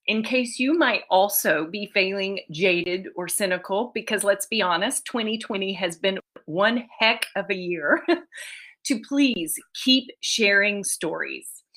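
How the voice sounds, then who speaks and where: A woman's voice: mid-range voice, a bit bright. A woman children's author giving a conference talk over a video call, reading readers' letters, tearful and laughing often.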